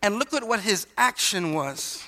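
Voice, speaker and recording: A man's voice: high-pitched, animated, a little slow, bright, forceful tone, long reverb tail. A man preaching a sermon as pastor, emphatic, calling out questions to the congregation.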